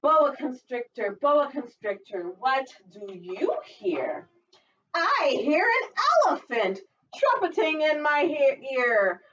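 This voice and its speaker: A young woman librarian reads a picture book to children in a bouncy sing-song voice that leaps wildly up and down. She takes her time, slightly high-pitched, laughing often. The recording sounds distant and muffled, as if caught from across a room. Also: takes it slowly. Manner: lively sing-song read-aloud with frequent laughs. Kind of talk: prerecorded children's storytime. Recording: distant dull mic in a room.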